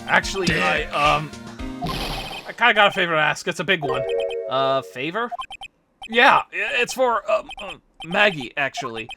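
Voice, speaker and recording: A man's voice: fairly high pitch, animated, moderate pace. A man reading as an earnest, clumsy detective. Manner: eager, pleading and folksy. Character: earnest, clumsy adult male police detective. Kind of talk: reading game dialogue aloud. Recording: music playing under the voice.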